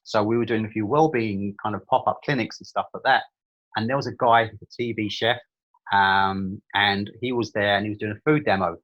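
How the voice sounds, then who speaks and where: A man's voice: fairly low pitch, fairly even intonation, normal speed, fairly bright tone, dull audio. A middle-aged Irish man from Limerick, a guest telling stories in a casual interview, chatty and humorous with frequent restarts. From Limerick, Ireland.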